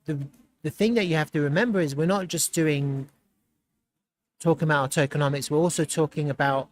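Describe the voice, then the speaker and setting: Excitable man thinking aloud on a livestream. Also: a little high. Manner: excitable, laughs often, thinks aloud while browsing. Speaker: livestream host. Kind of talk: casual live commentary.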